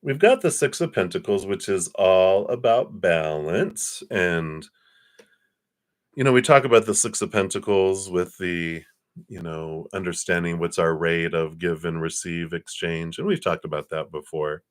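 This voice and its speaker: A man with a low, deep voice leading a live tarot reading on a stream. He talks easily, laughs a lot between cards and thanks viewers for their donations by name. His delivery is loose and chatty. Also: measured pace. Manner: relaxed, laughs often, reads viewer names and thanks donors. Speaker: tarot card reader.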